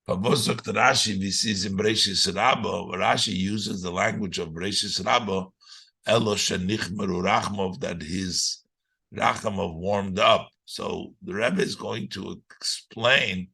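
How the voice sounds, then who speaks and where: Gravelly, bright-toned rabbi teaching a text. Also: male voice, sits low, steady tone, measured pace. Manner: reads Yiddish lines then paraphrases in English. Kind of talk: Torah class, translating Yiddish to English.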